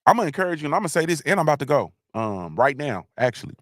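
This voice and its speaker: A man's voice: on the high side, very animated, rapid-fire, no echo, studio quality. A man hosting a livestream, talking in a loose, rambling monologue with slangy asides and many restarts. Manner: rambling, repeats himself, frequent restarts, slangy. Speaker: livestream host.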